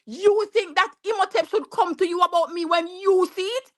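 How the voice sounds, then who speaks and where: A woman's voice: extremely high pitch, moderate pace. A woman, arguing emphatically in a casual panel debate, building hypotheticals and repeating herself for stress.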